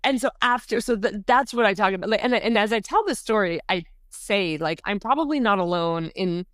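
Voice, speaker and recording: A middle-aged woman, a podcast guest, telling a story in a casual, animated way, often saying "like" and jumping high when she acts out quotes. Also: brisk, dry recording, studio quality. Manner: animated, says "like" often, jumps to high pitch acting out quotes.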